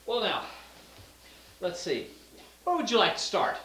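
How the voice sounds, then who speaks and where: A man's voice: sits high, wildly swooping pitch, unhurried, bright, forceful tone, reverberant, slight background noise, exaggerated voice. A young man playing a smug, tactless quack doctor in a comedy short, glib and mocking. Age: young adult. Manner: glib, mocking, puts on a fake French accent in jokes. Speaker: actor in a student comedy film.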